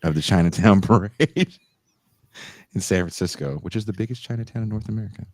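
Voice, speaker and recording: A man co-hosting a podcast in casual chat, telling stories with animated delivery and mocking voices. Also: on the low side, a little fast. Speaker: podcast co-host.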